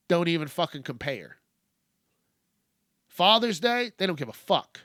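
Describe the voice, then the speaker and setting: A man's voice: on the high side, sing-song, a little slow, a bit bright, dry recording, clean studio sound. A man hosting a solo show, ranting bluntly and swearing a lot. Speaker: podcast host.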